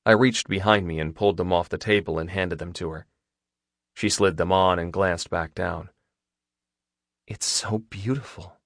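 Male audiobook narrator, deep voice, dry studio sound, intimate and steady. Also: normal speed, no room sound. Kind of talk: first-person romance narration.

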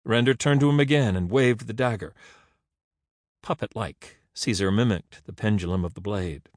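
A man narrating an audiobook in an expressive, dramatic reading. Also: on the low side, normal speed, no room sound, studio quality.

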